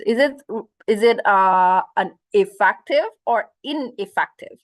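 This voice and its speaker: A woman with a mid-range voice lectures a little slowly to an online class on a video call. Her style is interactive: she asks the students questions and drops Indonesian phrases into her speech.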